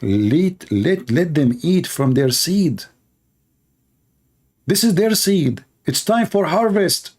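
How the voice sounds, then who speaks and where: A man's voice: fairly high pitch, animated, slow, a little mellow, breathy edge. Emphatic man hammering short repeated phrases. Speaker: channel host. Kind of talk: impassioned monologue.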